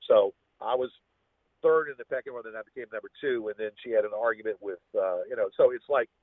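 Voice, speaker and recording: Husky low-voiced man rambling. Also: quick pace, no room sound. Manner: rambling, with repeated restarts. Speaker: podcast guest. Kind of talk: casual storytelling. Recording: tinny, phone-like dry sound.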